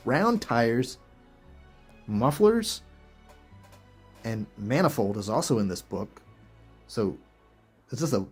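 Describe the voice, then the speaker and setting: A man's voice: mid-range voice, sing-song, takes it slowly, pauses often, a little mellow, slightly rough, soft background music. A man hosting a video, reading verses aloud and reacting with incredulous, chuckling rhetorical questions in casual commentary. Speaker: video host.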